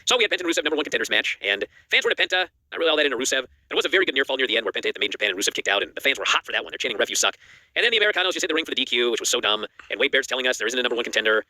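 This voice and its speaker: A man's voice: mid-range voice, no room sound. A man co-hosting a wrestling news show, recapping matches in a casual chat and acting out the quotes. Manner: rapid animated recap, acts out quotes.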